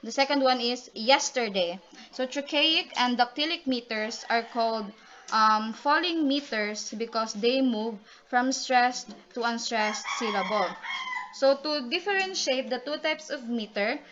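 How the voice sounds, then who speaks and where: Here a female student reporter, her voice a bit high and her pace a little slow, works through definitions in a class report full of ums and restarts. Loud noise fills the dull, lo-fi recording.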